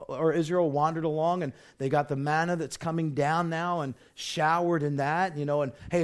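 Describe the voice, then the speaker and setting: A man preaching a sermon in a conversational way, full of rhetorical questions, restarts and "you know". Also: fairly high pitch. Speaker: pastor.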